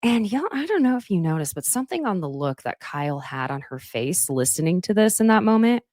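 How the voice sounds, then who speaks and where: A woman's voice: mid-range voice, sing-song, brisk, darkish tone, no echo, clean studio sound. A woman chatting casually as she recaps a reality show, gushing and often laughing. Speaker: recap host.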